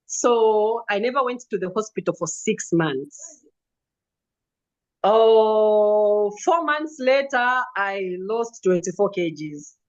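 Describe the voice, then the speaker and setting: Animated woman telling her story. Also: a little high, dull audio. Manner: vivid storytelling with acted quotes and laughs. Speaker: customer giving a testimonial.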